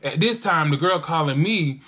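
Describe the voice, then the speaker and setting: A young woman vlogger eats while telling a casual storytime, speaking at normal speed in a low, husky voice. She's animated, imitates the voices of people she quotes and swears freely.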